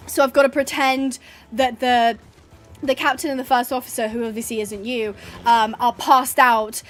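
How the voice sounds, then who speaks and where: A woman's voice: a little high, level tone, normal speed, a bit bright, soft background music. A woman chatting casually and laughing while playing a horse game as a streamer. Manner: chatty, giggly, rambling. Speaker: gaming streamer.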